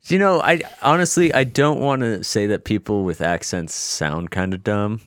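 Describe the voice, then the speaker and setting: Casting note: lower-voiced man, profane podcast co-host, fast rambling chatter, dry close mic. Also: fairly bright tone, clean tone, dry recording. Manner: brash, profane, quick rambling. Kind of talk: casual sports chat.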